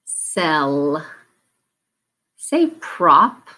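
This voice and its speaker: Slow, patient low-voiced woman teacher. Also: lively intonation, fairly bright tone. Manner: clear, patient, stretched-out word prompts. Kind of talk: slow, deliberate classroom drill.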